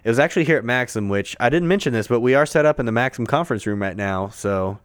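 A man's voice: medium pitch, lively intonation, fast, clear, resonant tone. A man on a podcast telling a long, rambling story in casual chat, full of swearing and fillers, recorded in a conference room. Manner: profane, filler-heavy, rambling.

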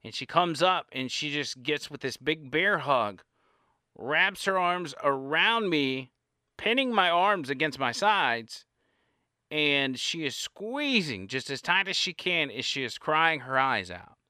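A man telling a casual anecdote in an animated way, his pitch and loudness rising and falling as he goes. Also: slow pace, smooth, no room sound, studio quality. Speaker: storyteller.

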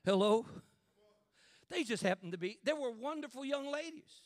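A man preaching a fervent sermon in church, building to shouts and calling out to the congregation. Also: extremely high pitch, animated, moderate pace, dry recording.

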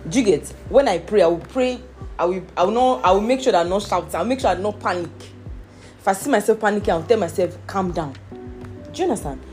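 A woman's voice: fairly low pitch, mellow. A middle-aged woman preaching a teaching sermon in an earnest voice, often checking that listeners understand. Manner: earnest, repeats "do you understand".

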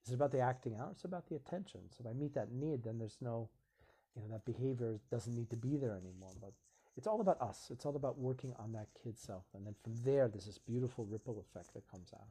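A man hosting a live stream talks in an earnest, reflective way. His voice is mellow and a little husky. He slips into short acted-out exchanges as he explains. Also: medium pitch, fast talker. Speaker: host of a live video stream. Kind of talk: casual live-stream talk.

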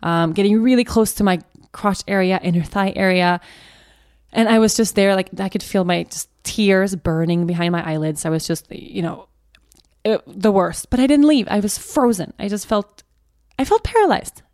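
A young adult woman hosting a podcast, telling a personal story in a halting way, often restarting and repeating herself. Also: mid-range voice, darkish tone, no echo, studio quality. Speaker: podcast host.

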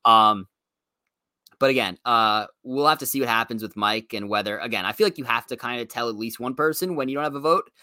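A man's voice: medium pitch, bright, forceful tone, no room sound, clean studio sound. A man co-hosting a casual recap podcast, rambling along and filling his sentences with "you know" and "um". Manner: rambling, fills every pause with "you know". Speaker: podcast co-host.

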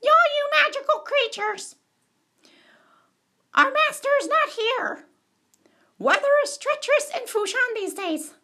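Woman doing a squeaky, jittery male servant. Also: expressive, unhurried, long pauses, pushed and bright, full character voice. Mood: flustered. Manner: squeaky, high-pitched.

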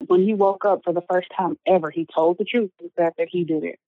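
This woman talks fairly quickly, her pitch fairly low and her intonation fairly even. Appearing as an interview guest, she tells a personal story conversationally, earnest and full of fillers. The audio is phone-like and narrow, dry with no echo.

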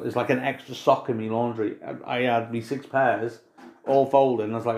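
A man co-hosting a casual veterans' podcast, swearing freely while he tells animated stories from basic training. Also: medium pitch, fast. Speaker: podcast co-host. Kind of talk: casual chat. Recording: roomy echo.

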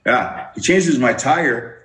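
A man's voice: medium pitch, lively intonation, slow, a bit bright. A man giving his testimony as an interview guest, telling his story with many restarts and acting out the voices he quotes. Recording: roomy echo.

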